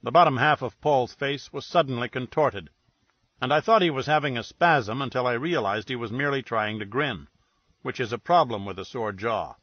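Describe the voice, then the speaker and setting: A man's voice: mid-range voice, moderate pace, no echo. Wry male audiobook narrator. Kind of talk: dry first-person detective narration. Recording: dull lo-fi, dry recording.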